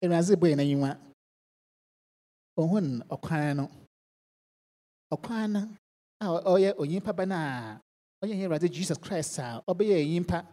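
A woman preacher delivers a sermon that moves between English and a local language. Her voice is warm and relaxed, and the sound carries the long echo of a big hall. She drops to near-whispers and then rises to loud, ringing lines. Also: lowish voice, normal speed, pauses often.

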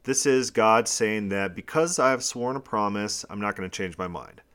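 Low-voiced man teaching Bible study. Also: moderate pace, fairly bright tone. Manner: reads scripture passages aloud, then explains them plainly.

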